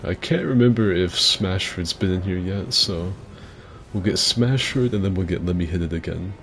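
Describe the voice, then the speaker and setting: A man with a rough, gravelly voice giving crude, joking commentary on a game fight club and answering chat as the host. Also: deep voice, normal speed, fairly bright tone, slight background noise. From mixed heritage, partly Asian. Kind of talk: casual gaming commentary.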